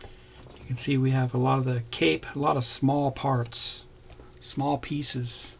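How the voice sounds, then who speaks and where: A man's voice: mid-range voice, flat delivery, slow, vocal fry, a little hiss or hum. A man narrating a casual model kit review, plainly pointing out parts as he shows them.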